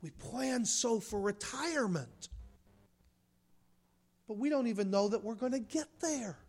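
A man preaching a sermon as a pastor, swinging between hushed, quiet stretches and forceful, rising emphasis. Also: very high voice, animated, a little slow.

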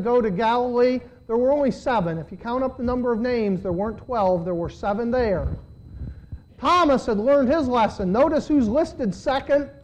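A man delivers a sermon in a strikingly high voice. He reads scripture aloud, pausing to comment, and his delivery rises and swells on the emphatic lines. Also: a little mellow, low-quality recording. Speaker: preacher.

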